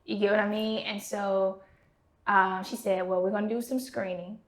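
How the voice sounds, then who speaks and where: A woman's voice: medium pitch, moderate pace. A woman in her thirties tells her own story on a podcast in a mid-range voice. She talks candidly and animatedly, slipping into the voices of the people she quotes. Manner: animated, acts out quoted dialogue.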